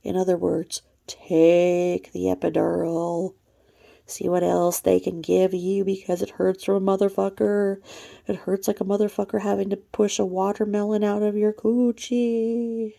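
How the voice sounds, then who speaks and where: A woman's voice: medium pitch, little pitch movement, unhurried, gravelly, dark tone. A woman hosting snarky gossip commentary, profane, mocking and blunt. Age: adult mother. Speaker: commentary channel host.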